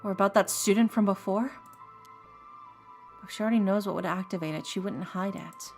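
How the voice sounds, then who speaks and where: A jittery young man speaks in a cowboy-flavored drawl, as a woman puts him on while playing. His voice has a gravelly edge, with faint game music behind it. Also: medium pitch, brisk, close to an everyday voice. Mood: tense. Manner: cowboy-style voice.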